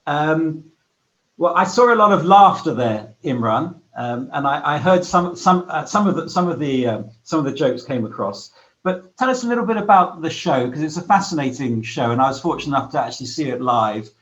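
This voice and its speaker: A man chairing an online panel, who speaks hesitantly with many pauses and restarts. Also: on the high side, expressive, a bit bright, highs cut off.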